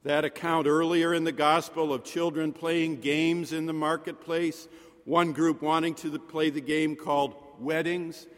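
A man preaching a sermon in a rhetorical manner, with dramatic pauses and soft drops in his voice. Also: a little high. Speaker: pastor. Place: chapel. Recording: long reverb of a chapel.

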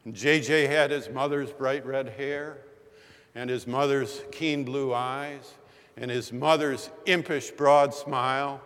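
A man in his sixties preaching a sermon in a chapel, telling a story in a measured, unhurried way. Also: medium pitch, steady tone, fairly bright tone, clean tone. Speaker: pastor. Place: large chapel. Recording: long reverb of a chapel.

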